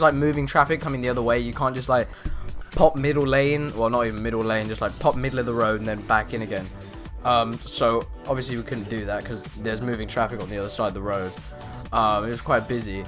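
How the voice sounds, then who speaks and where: A teenage boy vlogging, telling rambling stories with lots of fillers. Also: mid-range voice. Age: teens. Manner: rambling, animated, lots of "you know" fillers. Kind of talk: casual storytelling vlog.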